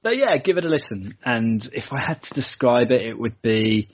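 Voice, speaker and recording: British male guest, husky voice, playful banter, dry lo-fi recording. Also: medium pitch, animated, moderate pace, no room sound. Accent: British English. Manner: jokey, playful. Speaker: podcast guest. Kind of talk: casual podcast chat. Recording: dry, dull lo-fi sound.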